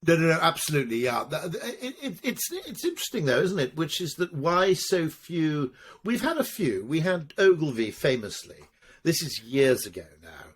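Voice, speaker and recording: A man's voice: a little high, big pitch swings, moderate pace, husky. A middle-aged man answering interview questions, telling wry, rambling stories full of restarts and asides. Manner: discursive storytelling with frequent restarts and asides; wry, occasionally profane. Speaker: marketing executive guest.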